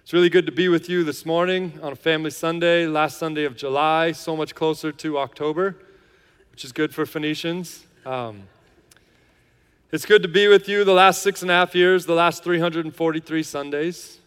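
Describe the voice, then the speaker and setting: Male pastor, chatty and playful, smooth voice, long hall reverb. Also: fairly high pitch, steady tone, moderate pace, fairly bright tone. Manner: joking, chatty, many fillers. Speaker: lead pastor. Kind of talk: casual sermon intro and worship lead. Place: large church hall.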